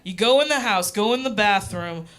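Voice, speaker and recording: A woman voicing her blunt older father in a flat, matter-of-fact, hesitant way, over live crowd laughter. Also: medium pitch, moderate pace, natural voice. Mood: deadpan.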